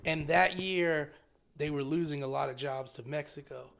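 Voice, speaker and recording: A stand-up comedian co-hosting a podcast, an animated storyteller who swears freely in casual chat. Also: male voice, a little high, normal speed, gravelly.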